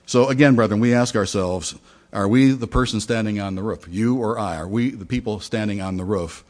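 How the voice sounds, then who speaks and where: A man's voice: fairly low pitch, fairly quick. A male pastor giving a conversational sermon to his congregation, asking questions and retelling a parable. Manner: conversational, with fillers and restarts.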